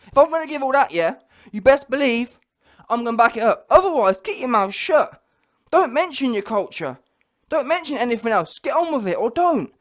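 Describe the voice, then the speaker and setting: A man's voice: very high voice, animated, brisk. A man giving a heated, blunt reaction rant about a boxing fight, repeating his points. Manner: heated, blunt, repetitive, mocks others in quoted voices. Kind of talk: ranting reaction commentary.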